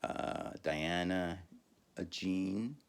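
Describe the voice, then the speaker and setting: A man's voice: low voice, extremely slow, clean tone. A man podcaster telling a rambling, profane story in a casual monologue, full of fillers and laughing at himself.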